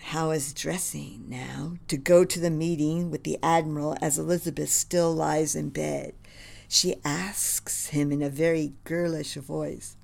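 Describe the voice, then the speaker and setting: A woman reading a screenplay aloud, narrating scenes in a reverent, measured manner. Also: sits low, fairly even intonation, creaky, a little mellow.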